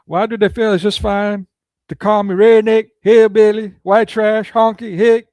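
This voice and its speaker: A man voicing an aggrieved rural hillbilly man who complains in a high, strained, indignant whine. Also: level tone, unhurried, darkish tone, no echo.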